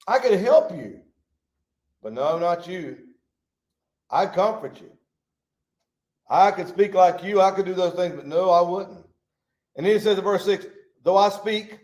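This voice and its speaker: A man teaching a Bible study, animated, reading scripture and talking to his congregation. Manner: animated, rises to shouts and drops low. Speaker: pastor.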